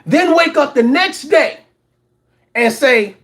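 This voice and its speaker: A slow, expressive, very high-pitched and slightly bright voice belongs to a man hosting a reaction commentary show. He lectures his audience, repeats words for emphasis and mocks others with exaggerated impressions.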